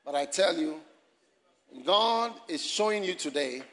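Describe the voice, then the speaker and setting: A man preaching in a church with a high, forceful voice, swinging between loud animated shouts and quiet asides. He talks straight to the congregation and his online viewers, laughing often. A faint hum of room noise sits underneath. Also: unhurried. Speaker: pastor. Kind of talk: sermon.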